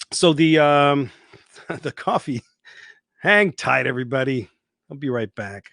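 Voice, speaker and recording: An online show host delivers an unscripted livestream monologue in a medium-pitched, expressive male voice that is slow, creaky and fairly bright, with frequent pauses. He is emphatic and repetitive, swears freely, and mocks people in put-on voices. The recording is dry and studio quality.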